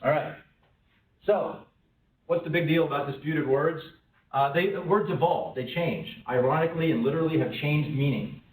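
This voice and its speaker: A man's voice: fairly high pitch, moderate pace. A man giving a conversational talk to a workplace audience, asking a lot of questions and sometimes acting out quoted voices. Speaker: speaker at a lunch-and-learn talk. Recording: roomy, from a distance, faint room noise.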